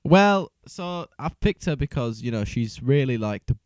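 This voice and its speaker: A man's voice: mid-range voice, very animated, moderate pace, dry recording. A man who is a guest singer and guitarist, chatting easily and laughing often. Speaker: guest musician. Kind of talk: casual chat.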